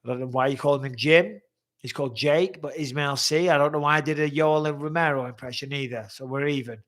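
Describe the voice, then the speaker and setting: His voice is fairly high and a bit bright, and he speaks a little fast. He's a middle-aged man hosting a live stream who reads out viewer questions and gives blunt, swear-heavy answers.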